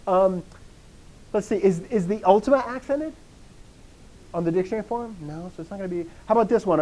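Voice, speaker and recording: This language teacher's voice sits high with a darkish tone. He runs his class with eager chatter, breaking into his own sentences and asking questions only to answer them.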